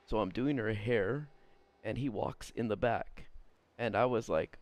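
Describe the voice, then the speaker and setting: Streamer guy, mid-pitch, rambling and exasperated, cussing through a rant. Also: normal speed, darkish tone, no room sound. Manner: exasperated, rambling, swears, laughs at what he reads. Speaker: streamer reading viewer stories. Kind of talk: casual live-stream commentary.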